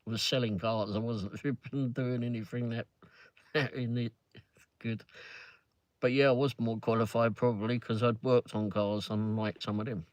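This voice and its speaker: Brief: London man, casual car chat, rambles and curses, mid pitch, very dry sound. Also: fairly even intonation, moderate pace, no room sound. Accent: London English. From England. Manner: rambling, swears freely, frequent fillers and restarts. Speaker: co-host of a live ride-along stream.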